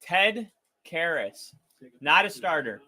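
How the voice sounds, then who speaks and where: A man's voice: a little high, sing-song, takes it slowly, sharp tone. A man co-hosting a casual fan broadcast of a football game, rambling through stories and laughing often. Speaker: fan co-host calling the game. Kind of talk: casual play-by-play chat.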